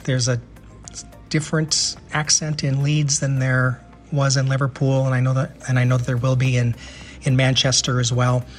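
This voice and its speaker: A man's voice: medium pitch, monotone, moderate pace, faint music behind. An American man hosting a casual travel podcast, chatty and enthusiastic, often repeating words as he thinks. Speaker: podcast host.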